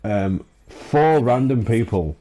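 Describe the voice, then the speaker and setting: A man's voice: medium pitch, expressive, slow pace, dark tone. A man hosting a gaming channel, ranting in an exasperated, sweary way, full of fillers and restarts. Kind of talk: ranting commentary over gameplay.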